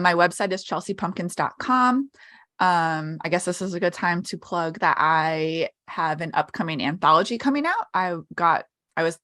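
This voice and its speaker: Upbeat female co-host, low-ish bright voice, casual. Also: no room sound, clean studio sound. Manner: upbeat, chatty, many "um"s. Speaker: podcast co-host. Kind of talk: casual chat.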